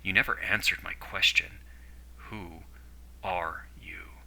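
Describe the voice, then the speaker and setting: A man's voice: low-pitched, expressive, normal speed, sharp tone, heavily acted. A man voicing a defiant young man held captive who fires off questions. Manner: demanding, questioning.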